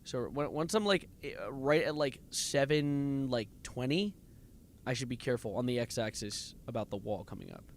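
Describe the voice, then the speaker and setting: A man's voice: mid-range voice, normal speed, slight background noise. A man streaming a game live, nervously muttering coordinates, reading chat and breaking into sudden exclamations. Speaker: livestreamer playing a game.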